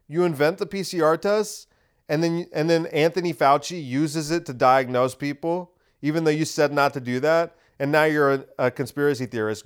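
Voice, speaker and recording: A man with a slightly high, smooth voice hosts a podcast, delivering an opinionated, sarcastic rant packed with rhetorical questions.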